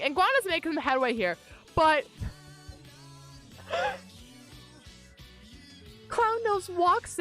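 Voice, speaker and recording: A woman streamer tells a story while she plays, excitable and liberally profane. Her voice sits high and leaps all over the place in pitch. Soft game music hums underneath. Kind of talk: casual storytelling while gaming.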